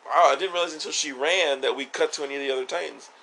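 A man's voice: fairly high pitch, very fast, gravelly, sharp tone, slight background noise, rough recording. A man co-hosting a podcast in casual chat, joking and rambling with lots of fillers. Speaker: podcast co-host.

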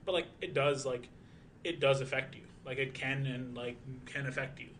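A man's voice: mid-range voice, fairly even intonation, moderate pace, a bit bright, a little hiss or hum. Rambling, profane young streamer guy. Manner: rambling, profane, lots of fillers. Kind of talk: casual chat.

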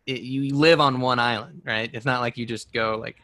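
A man's voice: mid-range voice, fairly even intonation, a little fast, few pauses, pushed and bright, no echo. A man in his twenties chatting casually as a podcast co-host, rambling through a personal story with many restarts. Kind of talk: casual chat.

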